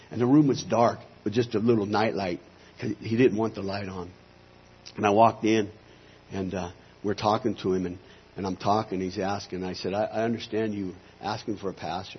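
Husky pastor guy telling his story, kinda dull lo-fi sound. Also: on the low side, brisk. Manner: earnest storyteller who acts out quoted voices. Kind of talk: telling a personal testimony.

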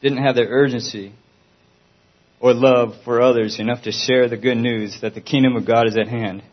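On a dull, lo-fi recording, a man of ordinary male pitch delivers a Christian testimony at normal speed. He sounds earnest and pleading, with fairly even intonation.

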